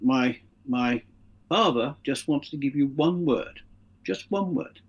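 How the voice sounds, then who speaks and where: A man voicing a posh, formal gentleman caller, polite and mysterious, a touch low and hushed as if leaning away from the mouthpiece. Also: takes it slowly, highs cut off. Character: very posh upper-class Englishman on the phone.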